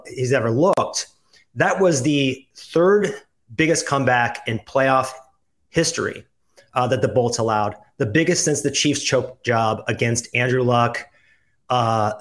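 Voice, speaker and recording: Relaxed, joking male co-host talking sports on a podcast. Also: mid-range voice. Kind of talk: casual sports podcast chat.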